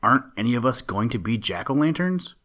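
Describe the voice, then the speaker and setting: A man's voice: medium pitch, big pitch swings, fairly quick, a bit bright. A man voicing a young, eager little male pumpkin who is anxious and earnest, in a storybook reading. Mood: worried.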